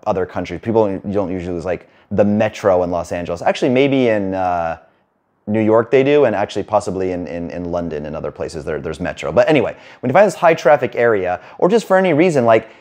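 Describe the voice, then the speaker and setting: A man working as a dating coach, talking fast and rambling in a casual monologue to camera, with some swearing. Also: medium pitch, a little mellow. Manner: rapid, rambling, casual with profanity.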